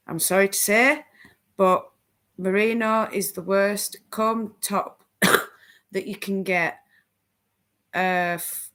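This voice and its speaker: A woman's voice: lowish voice, a bit bright. A woman hosting a casual crafting live stream, chatting with viewers and laughing often.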